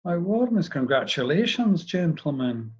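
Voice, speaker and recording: A man's voice: fairly high pitch, big pitch swings, unhurried, highs cut off, a little hiss or hum, pitched above the performer's own voice. A man voicing an educated, ironic Scotsman of about fifty, who speaks with careful, formal wording. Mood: dryly ironic.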